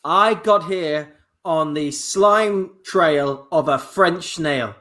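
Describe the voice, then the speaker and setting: A man's voice: on the high side, drawn-out words, bright, forceful tone. A man improvising a comedy scene, fumbling and hesitating through a guessing game.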